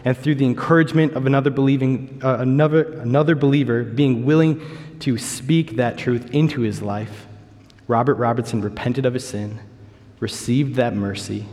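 A young man preaching a sermon, earnestly reading a hymn's lyrics slowly and telling its story. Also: mid-range voice, darkish tone. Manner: earnest, slow and stirred when reading lyrics. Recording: reverberant hall.

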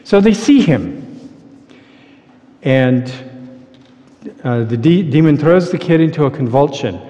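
A man preaching a sermon, telling the story in an animated way that drops to quiet intensity. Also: fairly high pitch, takes it slowly. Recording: dull lo-fi sound with long hall reverb.

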